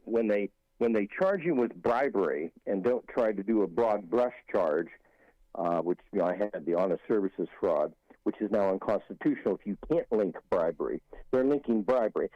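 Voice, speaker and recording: A man's voice: fairly low pitch, no echo, highs cut off. A man guest on a talk radio show giving rambling political commentary with frequent restarts and emphatic asides.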